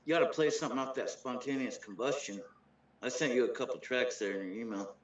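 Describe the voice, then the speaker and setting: A man's voice: mid-range voice, quick pace, reverberant, highs cut off. A man guest on a casual podcast chat, laughing often, cursing and plugging his music. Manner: laughing, profane, self-promoting. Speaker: rapper guest.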